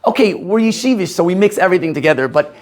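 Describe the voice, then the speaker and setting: Quick-paced and high-pitched, a teacher from Maryland, USA, quizzes his rabbinical students in a lively way. He laughs a lot along the way.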